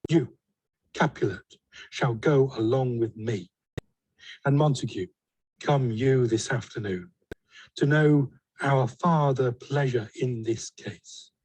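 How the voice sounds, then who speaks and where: An actor playing a stern, commanding prince in a Shakespeare audio drama, declaiming verse in measured lines. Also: male voice, medium pitch, darkish tone, husky, dry recording, poor audio. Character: stern commanding male prince, ruler of the city.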